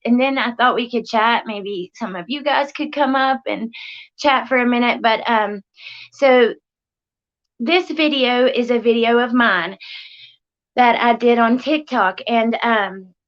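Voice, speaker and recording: A young woman, hosting a casual livestream chat, speaking softly and haltingly with many pauses and fillers. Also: fairly high pitch. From West Virginia, USA. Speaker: livestream host. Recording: lo-fi, muffled stream audio.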